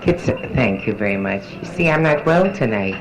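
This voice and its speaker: Her voice is extremely low, with lively intonation and a brisk delivery, as this middle-aged nightclub comedian does brassy, boozy, bawdy stand-up and ribs the crowd between jokes. It's a vintage live club recording, with a live band and background noise.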